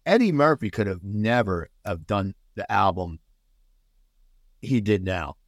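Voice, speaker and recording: A middle-aged man chatting as a podcast guest, telling stories in an animated way with many restarts. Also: fairly low pitch, a little slow, no room sound, studio quality. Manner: animated storyteller, restarts a lot. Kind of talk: casual podcast chat.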